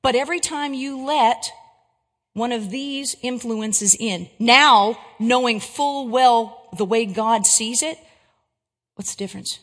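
A woman giving a Christian talk to an audience, an English teacher and animated storyteller who keeps checking in with her listeners. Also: fairly high pitch, slow, in a large hall.

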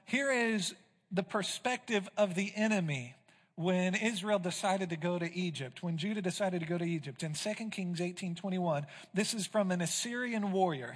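A male pastor preaching a sermon, dramatic, swinging from loud bursts to hushed low lines. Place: church sanctuary. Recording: long church hall reverb.

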